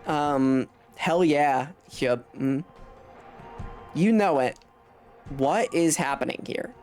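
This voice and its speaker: Her voice sits low and sounds a little mellow, and she talks at a slow pace. A young adult woman casually chatting while streaming a game, she wanders from topic to topic, swears without restraint and laughs in the middle of sentences. Game music plays faintly.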